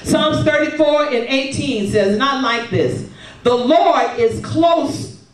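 A woman preaching a sermon, calling for responses and filling her pauses with hallelujahs and amens. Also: sits high. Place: church sanctuary. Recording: roomy, distant sound from across a sanctuary.

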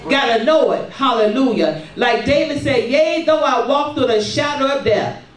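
A woman preaching a sermon, calling for responses and filling her pauses with hallelujahs and amens. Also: high voice, lively intonation. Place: church sanctuary. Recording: roomy, distant sound from across a sanctuary.

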